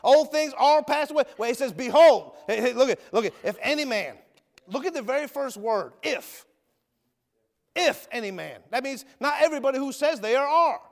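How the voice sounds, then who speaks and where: A former convict who now ministers in prisons, this high-voiced, creaky man preaches his testimony as a sermon, veering from ringing shouts to hushed near-whispers. He's animated and folksy at a normal pace, addressing people as "brother" and "my friend," while the church hall gives his voice a long echo.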